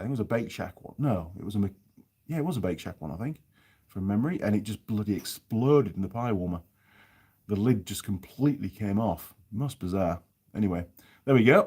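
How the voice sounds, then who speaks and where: A man with a softened Yorkshire accent, hosting a casual live stream from a cold workshop, chatting and reading out viewer comments. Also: lowish voice, breathy edge. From North Yorkshire, England. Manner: chatty, rambling, reads viewer comments aloud.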